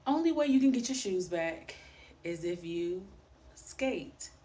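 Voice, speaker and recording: A woman voicing a calm, teasing grandmother who gently insists with old-fashioned wisdom. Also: on the low side, slow, slight background noise.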